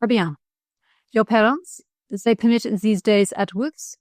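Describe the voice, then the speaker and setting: A woman putting on a shrill French governess. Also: unhurried, darkish tone, no room sound, clean studio sound, natural voice. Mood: fussy.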